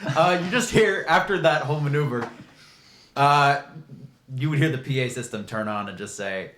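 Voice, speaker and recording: A man's voice: mid-range voice, moderate pace, fairly bright tone. A man narrating as game master of a tabletop game, laid-back and chuckling as he goes. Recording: echoey room, faint noise.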